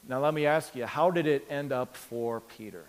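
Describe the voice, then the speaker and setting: A man preaching a sermon, telling the story with lively acted-out voices and big swings from loud to quiet. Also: mid-range voice, moderate pace, long reverb tail. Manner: animated storytelling, acts out characters with big swings in loudness. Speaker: pastor.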